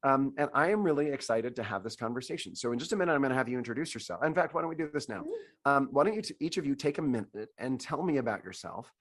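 Fast-talking hoarse man. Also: medium pitch, expressive. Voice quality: scratchy. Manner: rambling, restarts often. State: hoarse from laryngitis. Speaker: host. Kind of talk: casual panel introduction.

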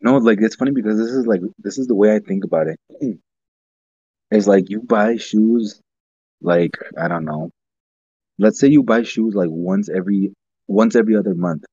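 Relaxed male co-host, husky and lowish, meandering casual talk, dull dry recording. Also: normal speed, long pauses, no echo. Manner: rambling, heavy use of "like", laid-back. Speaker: podcast co-host. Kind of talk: casual chat.

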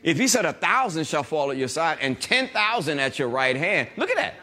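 A male pastor preaches in a high, bright voice with big pitch swings. He draws out scripture lines slowly and emphatically, then turns to the congregation with quick call-and-response asides.

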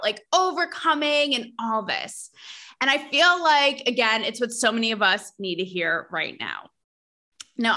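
Bright, high-voiced sassy woman. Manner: gossipy, animated, sassy. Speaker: podcast host. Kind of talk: casual chat.

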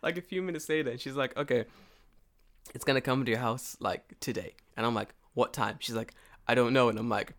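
A man's voice: medium pitch, a little fast, fairly bright tone. A man telling a story in casual chat, swearing often, laughing, and acting out both sides of a phone call. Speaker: storyteller in a conversation. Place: lives and works in Japan.

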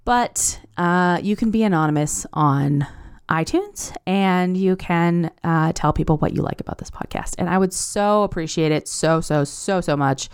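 A woman's voice: on the low side, measured pace, smooth. A young adult woman hosting a podcast in a casual monologue, gushing and chatty with a rambling flow. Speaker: podcast host.

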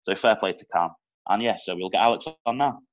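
A man's voice: on the low side, fairly quick, dull audio. A young man with a Manchester accent hosting a casual podcast interview, chatty and informal. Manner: chatty, informal, with small slips. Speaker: podcast host.

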